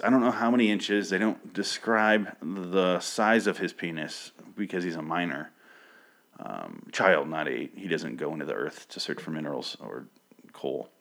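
A man casually recapping a story, rambling with crude jokes and sarcastic asides. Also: sits low. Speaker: comic book recap host.

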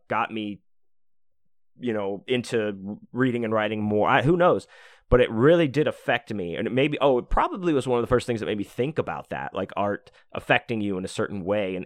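Male podcast host, low voice, dry close sound, rambling casual storyteller who swears. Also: no echo. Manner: rambling, heartfelt, many fillers and restarts.

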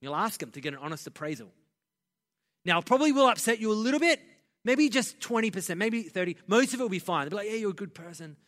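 High, bright-voiced preacher. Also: male voice, big pitch swings, quick pace. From Australia. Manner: passionate, builds to loud emphatic preaching. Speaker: pastor. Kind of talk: sermon. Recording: long reverb of a large hall.

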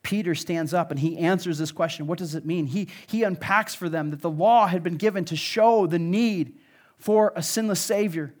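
A man's voice: high-pitched, moderate pace. A man with a Midwestern American accent preaching a sermon to his church, earnest and conversational, with frequent fillers and restarts. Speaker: pastor.

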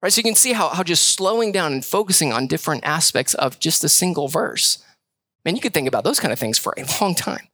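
Bright-voiced pastor preaching casually. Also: male voice, a little high, sing-song, a little fast, dry recording. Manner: conversational preaching with repeated phrases. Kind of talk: sermon.

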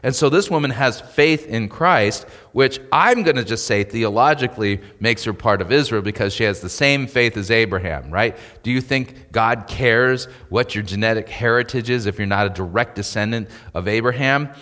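A man's voice: medium pitch, normal speed, few pauses, fairly bright tone. Man preaching in a reverberant church. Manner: conversational preaching, rising to emphatic peaks. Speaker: pastor. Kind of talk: sermon.

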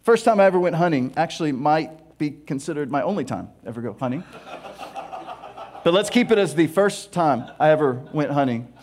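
High-voiced joking preacher man. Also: fairly quick. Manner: animated, joking storyteller who laughs at himself. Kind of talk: sermon.

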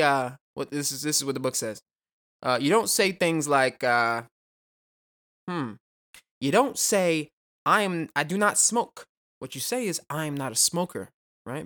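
A young man hosting a solo podcast, talking fast and casually with a lot of swearing, rambling off on tangents and throwing in self-mocking jokes. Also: a little high, fairly bright tone. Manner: rambling, profane, goes off on tangents; jokey, self-mocking asides. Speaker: podcast host.

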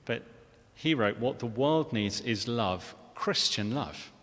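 Male preacher, mid-range pitch, earnest conversational sermon, reverberant church hall. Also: lively intonation, slow, fairly bright tone. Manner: earnest, with frequent restarts and rhetorical questions.

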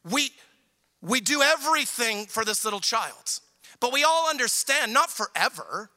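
A male pastor preaching in church with a strikingly high voice. His tone is very bright and sharp, and he delivers the sermon in an animated, humorous way, acting out little quotes to make his point. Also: moderate pace. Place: church service in front of a congregation.

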